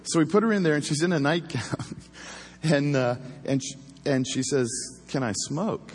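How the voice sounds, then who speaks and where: A former police officer telling a story in a casual, animated way, acting out the voices he quotes. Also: fairly high pitch, normal speed, breathy edge, in a large hall.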